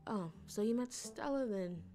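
A woman's voice: on the high side, expressive, normal speed, warm tone, faint music behind, natural voice. A woman reading the lines of a blunt, impatient young woman who scolds and brushes off a relative. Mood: dismissive. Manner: snappy, exasperated. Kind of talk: reading game dialogue aloud.

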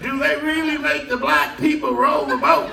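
An older man performing a stand-up comedy set on a cruise ship, telling stories in an animated way and shouting his punchlines. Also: normal speed, gravelly, noisy background. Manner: animated storytelling, shouting punchlines, high-pitched put-on cries. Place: cruise ship show lounge with a live audience. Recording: roomy live audio from far off, loud crowd.

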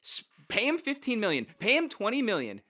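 A man hosting a sports talk show, calm and dry, steering the segments. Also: sits high, fairly quick. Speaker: host.

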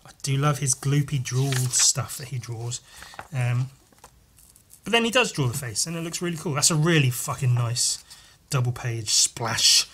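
A man hosting a podcast, over-caffeinated and chatting casually while flipping through comics. He rambles and swears, with jumpy, excited talk. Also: moderate pace, slight background noise. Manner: wired, rambling and profane, jumping in pitch. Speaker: podcast host and comic artist.

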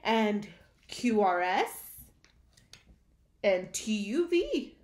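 A woman reading a picture book aloud to young children, slow and animated, stopping to ask her listeners questions. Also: medium pitch, echoey room.

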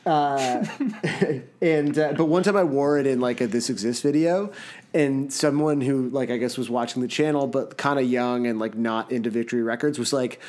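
A man's voice: medium pitch, normal speed. A young man co-hosts a podcast in a loose, rambling way. He laughs often and pads his sentences with fillers as he chats casually. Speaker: podcast co-host. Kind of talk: casual chat.

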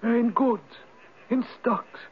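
An actor playing an ancient Viking spirit turned Irish hermit who speaks in a measured, knowing, gently probing way, in a 1970s radio drama. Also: male voice, very high-pitched, steady tone, slight background noise. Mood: instructing. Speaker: Old Man of the Rock. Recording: tinny lo-fi old radio broadcast.

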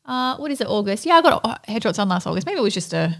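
Woman podcast co-host, mid-range voice, chatty and jokey, quick asides. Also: medium pitch, big pitch swings, gravelly. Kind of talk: casual chat.

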